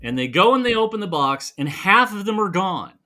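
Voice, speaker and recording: A man's voice: sits high, fairly quick. A man co-hosting a casual live chat show, telling a long anecdote and acting out the people in it. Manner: animated storyteller acting out quoted voices. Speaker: podcast co-host.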